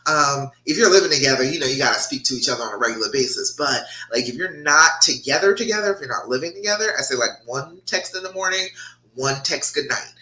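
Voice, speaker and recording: A woman's voice: extremely low pitch, animated, fast talker, sharp tone. Blunt, sassy woman love coach. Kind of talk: livestream advice talk, reading viewer comments. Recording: echoey room.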